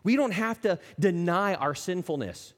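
A man preaching a sermon as a pastor, animated, acting out the people he quotes and dropping to soft, intimate tones. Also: high voice, moderate pace. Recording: long reverb of a church hall.

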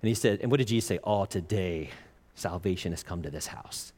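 A man preaching a sermon as a pastor, animated and jokey, laughing often and acting out the lines he quotes. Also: low voice, a little fast. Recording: long reverb of a large hall.

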